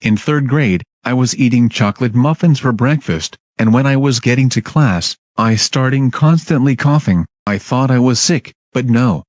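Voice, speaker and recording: A man tells a storytime in an irritable, blunt rant, with profanity in nearly every line. His voice sits at an ordinary middle pitch. The sound is dry and close, with no room echo. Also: moderate pace, hardly any pauses, lo-fi sound. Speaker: storytime narrator. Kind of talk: ranting storytime narration.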